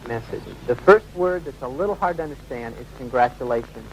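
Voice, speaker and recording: A man's voice: mid-range voice, animated, fairly quick, slight background noise, rough recording. Man on radio explaining audio clips. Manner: explanatory, talks listeners through audio clips. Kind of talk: explaining on-air radio talk.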